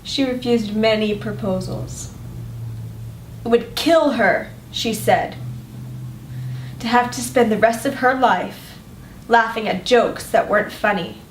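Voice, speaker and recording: A young woman performing a monologue as a daughter in mourning, telling it in a measured, wry, deadpan way. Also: on the high side, slight background noise. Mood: wry, grave. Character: young woman mourning her odd parents. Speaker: acting student. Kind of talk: dramatic monologue. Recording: roomy echo from far off.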